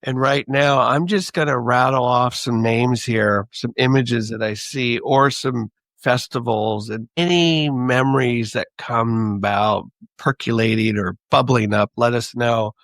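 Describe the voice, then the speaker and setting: A man's voice: medium pitch, measured pace, few pauses, fairly bright tone, no echo. A man hosts a podcast interview with an upbeat, friendly manner and a mid-range voice. The sound is dry and close to the mic. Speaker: podcast host.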